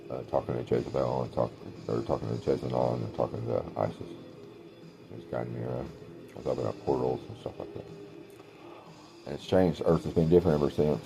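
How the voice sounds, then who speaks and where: A man talking in a meandering spiritual monologue, trailing off with many pauses, as a self-described clairvoyant. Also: a bass voice, vocal fry.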